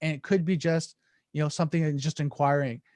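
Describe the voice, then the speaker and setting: A slightly high-voiced man talks earnestly on a podcast, breaking into little acted-out exchanges to show his point. He restarts often as he thinks. The sound is close and dry, with no room around it. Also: steady tone, a little fast, a little mellow, no room sound. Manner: earnest, acts out sample dialogues, many restarts. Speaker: podcast guest, negotiation coach. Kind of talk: casual explanatory podcast talk.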